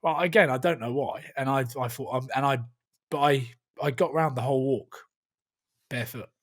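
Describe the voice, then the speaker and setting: A man's voice: mid-range voice, moderate pace. A man, telling a rambling story in casual podcast chat and swearing freely. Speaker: podcast host.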